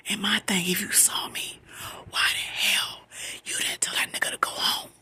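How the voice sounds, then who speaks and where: A middle-aged woman shares a true story in a soft whispered storytelling style, her voice almost all breath with a bright, tense edge. She talks emphatically and conversationally, repeating words to drive a point home. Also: mid-range voice, level tone, normal speed, slightly rough.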